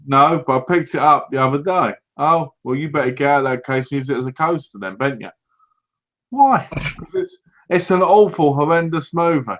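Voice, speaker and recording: British man, casual podcast chat, fairly high voice, dull lo-fi sound, animated storyteller. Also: moderate pace. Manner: animated anecdotes, acts out other people's lines. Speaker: podcast co-host. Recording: dull lo-fi recording.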